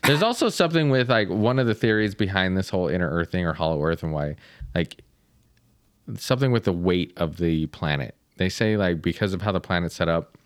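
A man's voice: low voice, lively intonation, a little fast, no room sound, clean studio sound. A man co-hosting a podcast in casual chat, thinking aloud and rambling with lots of fillers. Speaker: podcast co-host.

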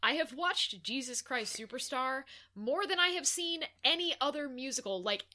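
A woman's voice: high-pitched, lively intonation, moderate pace, sharp tone. A woman co-hosting a podcast in casual chat, rambling and tripping over her words, laughing often. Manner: rambling, self-interrupting, laughs a lot. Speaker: podcast co-host.

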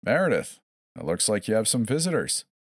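A man's voice: on the low side, big pitch swings, fairly quick, no room sound, studio quality, voice pushed up. A man voicing a cheerful, sinister cloaked man who shows off a tortured woman, in a coaxing, showman-like way.

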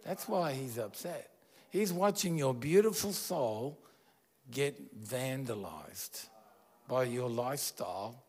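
Slow, earnest male preacher. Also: medium pitch, expressive, a little mellow, slightly rough. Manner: earnest, conversational preaching, asks the listeners questions. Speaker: pastor. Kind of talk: sermon.

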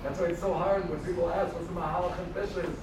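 A man's voice: high voice, fairly even intonation, fast. A man in a conversational discussion, agreeably summarizing the point. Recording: distant, echoey with background noise.

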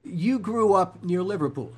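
A man's voice: sits high, animated, moderate pace. A man co-hosting, asking questions in a stumbling, eager way. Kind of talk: casual interview questions.

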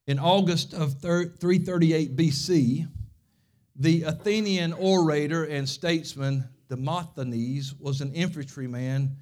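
A man preaching from the pulpit in a notably high voice. He tells stories in an emphatic, repeating way, hammering each point home like a seasoned pastor. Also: a little mellow. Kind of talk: sermon.

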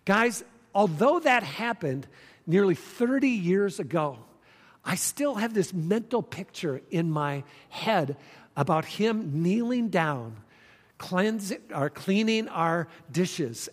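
A man in his fifties preaching a sermon, earnest and conversational, telling stories with emphatic repeats. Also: high-pitched. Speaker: pastor. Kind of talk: sermon with storytelling. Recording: long hall reverb.

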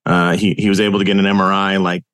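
Low-voiced chatty man hosting. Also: fast, dry recording, clean studio sound. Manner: chatty, many fillers, relaxed swearing. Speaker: podcast host. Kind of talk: casual interview chat.

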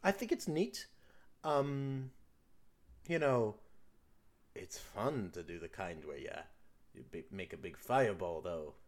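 A man's voice: lowish voice, expressive, slow pace, long pauses. A man voicing a hesitant twelve-year-old girl who fills her talk with ums. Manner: hesitant, fidgety, full of ums.

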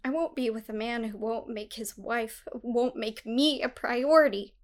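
A woman's voice: extremely high pitch, animated, measured pace, a bit bright, exaggerated voice. A woman voicing a tearful, pleading young wife. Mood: resigned. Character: distraught young wife pleading with her husband. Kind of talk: audiobook dialogue.

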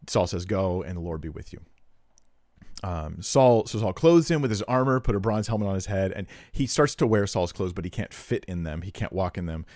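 A man teaching from the Bible, reading scripture aloud and adding casual, emphatic asides, often clearing his throat. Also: deep voice, expressive, normal speed, darkish tone, no room sound, clean studio sound. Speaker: Bible teacher critiquing a preacher.

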